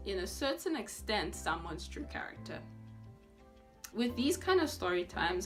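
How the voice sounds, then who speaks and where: A young woman telling a personal story in a vlog, expressive, acting out what others said with gasps and laughs. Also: medium pitch. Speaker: vlogger. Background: background music.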